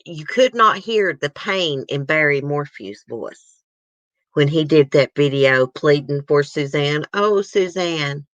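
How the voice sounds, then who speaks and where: A woman with a low voice hosts a casual, emotional chat reacting to news clips, speaking unhurriedly and directly to viewers. She's chatty, and the audio is dull with no room sound.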